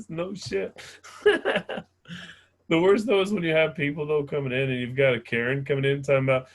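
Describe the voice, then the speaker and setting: A man's voice: on the high side, big pitch swings, normal speed, pauses often. A man doing a stand-up comedy set, brash and profane, laughing at his own jokes.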